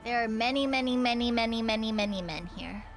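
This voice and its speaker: A woman's voice: on the high side, brisk, soft background music. A woman VTuber streaming a game, chattering to herself in a giggly, rambling way and swearing freely. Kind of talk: casual gaming livestream chatter.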